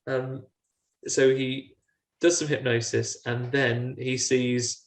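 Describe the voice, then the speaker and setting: A man's voice: mid-range voice, level tone, slow pace. A man co-hosting a casual film chat, rambling through scene retellings with many fillers. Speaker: podcast co-host. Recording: roomy echo.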